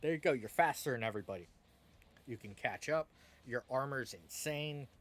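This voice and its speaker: A man's voice: mid-range voice, expressive, normal speed, a bit bright. A man hosting a gaming video, giving a casual, conversational tier-list commentary into a desk microphone, with frequent fillers. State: hiccuping.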